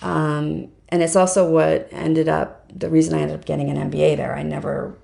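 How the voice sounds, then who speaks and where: On a podcast interview, a middle-aged woman from the fundraising world chats through her story, leaning on "like" and "um" a lot. Her voice is low and dark-toned, creaky, flat in delivery, and a bit fast.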